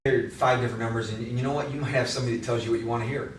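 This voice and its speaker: A man's voice: medium pitch, steady tone, rapid-fire, far from the mic, slight background noise. Blunt male sales coach in echoey room. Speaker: real estate trainer. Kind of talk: workshop talk to agents.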